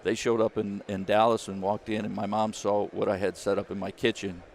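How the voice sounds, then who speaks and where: A man, a former caddie turned business founder, telling a lively story in an interview and acting out the people he quotes. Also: lowish voice, brisk, vocal fry. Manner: animated storyteller, acts out quoted voices.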